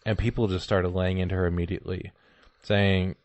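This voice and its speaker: Podcast host, man, rambling joker, low voice, dry. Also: level tone, fairly quick, a little mellow, no echo. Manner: rambling, joking storyteller with frequent "like". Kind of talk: casual comedy chat.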